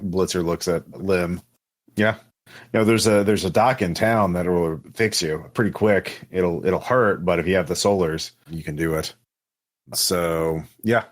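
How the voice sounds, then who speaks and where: A man's voice: deep voice, pitched below the performer's own voice, close to an everyday voice. A man voicing a blunt, casual man offering a deal in a tabletop role-play.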